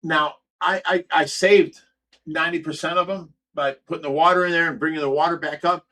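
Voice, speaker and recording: A man's voice: fairly high pitch, fairly even intonation, fairly quick, sharp tone. A man hosting a livestream, telling a story in a heated, profane way. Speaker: host. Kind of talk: livestream chat.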